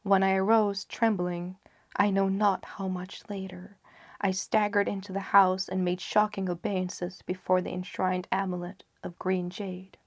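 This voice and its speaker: A woman reading a gothic horror story aloud in a hushed, often half-whispered voice with slow, dramatic pacing. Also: mid-range voice, little pitch movement, no room sound, clean studio sound. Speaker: audiobook narrator.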